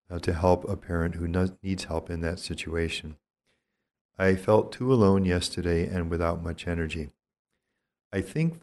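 An older man, a priest, giving a calm and reflective teaching talk on spiritual discernment. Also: low voice. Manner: calm, reflective, gently explanatory.

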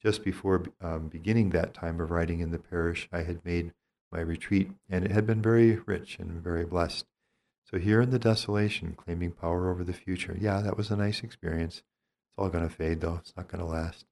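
An older man, a priest, giving a calm and reflective teaching talk on spiritual discernment. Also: low-pitched, a little fast, creaky. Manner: calm, reflective, gently explanatory.

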